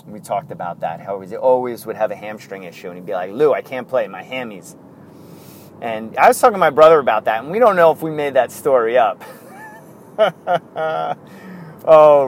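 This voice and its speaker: A man's voice: medium pitch, a little hiss or hum. A man hosting a casual podcast on his own, telling stories in a rambling way with chuckles and self-corrections. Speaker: podcast host. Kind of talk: casual solo podcast talk.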